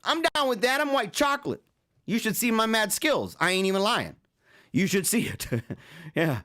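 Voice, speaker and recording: Lively high-voiced man hosting a talk show. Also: moderate pace. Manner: joking, animated storytelling with frequent chuckles. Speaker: show host. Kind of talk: casual monologue commentary.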